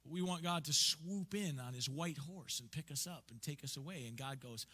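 A man preaching a sermon as pastor, emphatic and lively, asking the congregation questions and answering them himself. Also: fairly high pitch, normal speed, hardly any pauses. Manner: energetic, emphatic preaching with call-and-response questions. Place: church sanctuary. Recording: church hall reverb.

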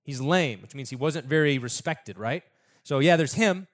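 Man, preacher, chatty sermon storytelling, acts out quotes, a bit high-pitched. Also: expressive, moderate pace. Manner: conversational storytelling, acting out quotes.

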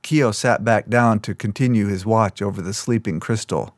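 Here a male audiobook narrator reads fiction from a script, keeping his storytelling calm and even at a fairly low pitch. The sound is dry and studio-clean.

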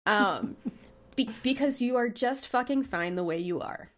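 A woman's voice: a little high, lively intonation, measured pace. Nasal woman chatting candidly. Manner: candid, laughs often, swears casually. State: congested, intermittent coughing. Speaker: podcast co-host, therapist. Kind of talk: casual chat.

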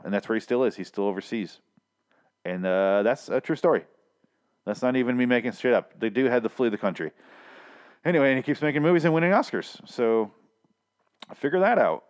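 A man with a fairly low voice talks through a TV episode in a loose, rambling monologue. He swears freely and drops sardonic asides into his own microphone. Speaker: show recap host. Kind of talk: casual TV recap monologue.

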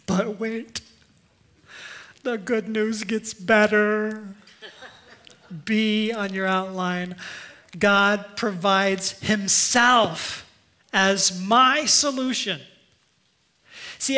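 A man preaches with earnest emphasis from the pulpit, his voice pitched very high and ringing bright. He invites the congregation to repeat lines back to him in a church setting. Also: fairly even intonation, slow. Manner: earnest, emphatic, leads the congregation in call-and-response. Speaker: pastor. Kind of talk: sermon.

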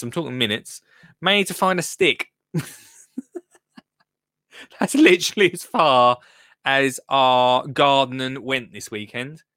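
A man's voice: on the high side, pushed and bright, dry recording. A British man hosting a live gardening show from his home studio, chatting casually and poking fun at himself. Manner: chatty, self-mocking, restarts a lot. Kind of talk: casual live-stream chat.

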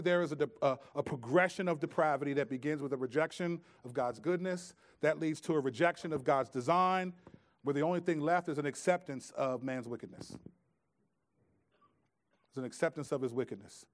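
Fairly high-voiced male preacher. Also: a little fast. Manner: conversational preaching, swings from loud emphasis to hushed asides. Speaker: pastor. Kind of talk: sermon.

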